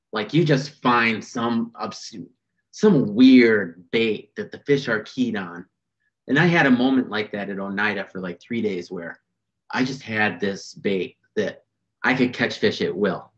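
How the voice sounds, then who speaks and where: A man telling fishing stories in a casual podcast chat, animated and full of fillers. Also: mid-range voice. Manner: animated, fast storytelling with fillers. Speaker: podcast guest, bass angler. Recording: dull lo-fi sound.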